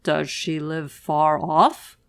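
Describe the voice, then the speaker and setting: A cunning big wolf speaks slowly from a storybook, as a woman puts him on. His lines come out coaxing and sly, pitched lowish and recorded dry and close. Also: little pitch movement, a bit bright, dry recording, heavily acted. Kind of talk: storybook read-aloud.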